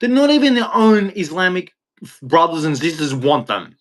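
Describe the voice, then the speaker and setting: Aussie guy ranting on his livestream, taunting chat, combative, bit high voice. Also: big pitch swings, moderate pace. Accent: Australian. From Australia. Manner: combative, taunting, lots of "dude". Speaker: livestream host. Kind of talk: live-streamed rant answering chat.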